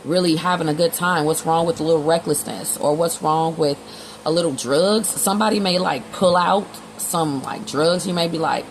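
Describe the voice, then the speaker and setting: A tarot reader with a low voice gives a casual reading at a normal pace, blunt, slangy, and swearing freely as she acts out both sides of exchanges in quotes. The low-quality recording has slight background noise.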